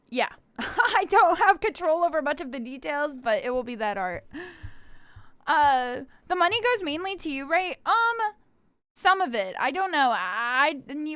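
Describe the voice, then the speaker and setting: Young woman streamer, high and lively voice, giggly and cutesy, dry close mic. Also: no echo. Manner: bubbly, giggly, talks to chat and plays a cutesy puppy-girl persona. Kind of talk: casual live-stream chat.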